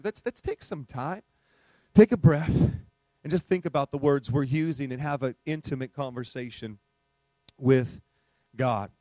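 A male pastor preaching a conversational sermon, animated and full of rhetorical questions to the congregation. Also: on the high side, dry recording.

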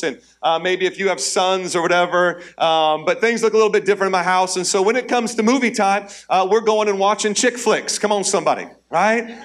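A man in his forties delivers a sermon in a church auditorium. His voice sits high for a man, and he keeps things conversational and humorous. He calls out to the congregation to bring them along. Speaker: pastor.

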